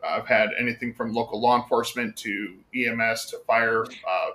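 A man's voice: mid-range voice, fairly even intonation, moderate pace, sharp tone. An American man telling stories in a casual podcast chat, rambling with many fillers and some swearing. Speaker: podcast guest.

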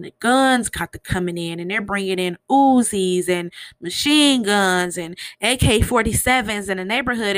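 A woman's voice: medium pitch, a bit bright, dry recording. A woman hosting a podcast, giving a casual, rambling recap full of "you know" fillers. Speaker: podcast host.

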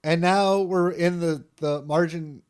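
A man co-hosting a podcast, chatting casually about a cartoon episode, quick to object and joke about himself. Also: a little high, steady tone, darkish tone, smooth. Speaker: podcast co-host.

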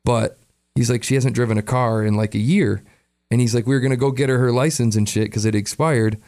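A man co-hosting a podcast in casual chat, retelling a friend's story with animated quotes and frequent laughter. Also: medium pitch, brisk. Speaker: podcast co-host.

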